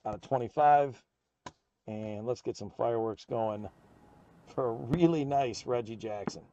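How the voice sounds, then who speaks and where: A man hosting a live card break, calling out player names and teams as packs are opened in a steady, upbeat patter. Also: mid-range voice, unhurried, highs cut off, a little hiss or hum. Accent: American.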